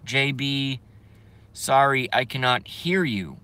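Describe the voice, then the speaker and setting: A man's voice: mid-range voice, lively intonation, bright, forceful tone, clean tone. A man on a casual live stream, rambling and swearing, reading chat aloud and laughing often, with many trailing filler sounds. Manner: self-interrupting, drawn-out filler sounds.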